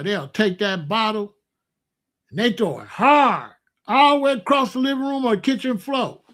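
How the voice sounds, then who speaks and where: A middle-aged man, telling folksy stories at a casual, animated pace as the host of an online show, with loud exclamations. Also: high voice. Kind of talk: casual storytelling monologue.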